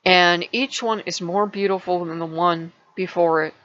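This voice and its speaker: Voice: mid-range voice, fairly even intonation, normal speed, a bit bright, highs cut off. A channel host telling a parable in a casual vlog, rambling and restarting words often.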